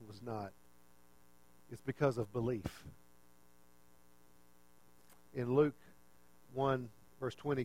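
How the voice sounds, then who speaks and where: Animated man preaching a conversational sermon. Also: medium pitch, low-quality recording. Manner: conversational, animated, asks rhetorical questions.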